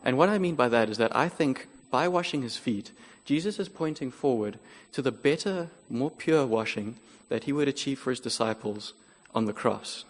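A man preaching a sermon, explaining scripture in a measured, earnest way. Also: mid-range voice, animated. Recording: long hall reverb.

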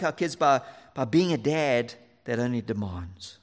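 A man preaching a sermon to fathers, earnest and lively, sometimes dropping almost to a whisper for emphasis. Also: medium pitch, measured pace, hardly any pauses, long reverb tail.

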